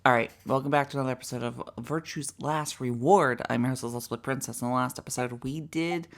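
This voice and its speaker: A woman hosting a let's play, giving casual, profane, excitable commentary and mimicking characters. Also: very deep voice, fast.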